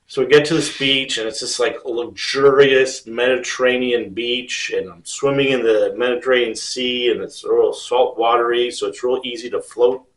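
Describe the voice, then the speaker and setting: A man's voice: mid-range voice, fairly even intonation, normal speed, few pauses, recorded from a distance. A man from Ohio telling a rambling, easygoing personal story with lots of fillers and restarts. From Ohio, United States. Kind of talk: casual spoken personal story. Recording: roomy sound, speaker off mic.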